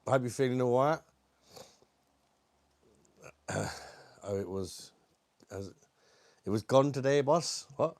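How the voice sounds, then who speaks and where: A man's voice: mid-range voice, measured pace, gravelly, darkish tone, no echo. British man coughing through a live stream. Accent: British English. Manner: chatty, greets viewers by name, swears casually. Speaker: livestream host reviewing beer. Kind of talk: casual live-chat stream.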